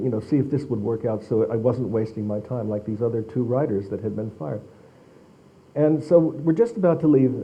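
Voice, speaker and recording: Halting male author telling a story. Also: medium pitch, dull audio. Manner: halting, repeats words as he talks. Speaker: author giving a library talk. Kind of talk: anecdotal storytelling to an audience. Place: public library talk.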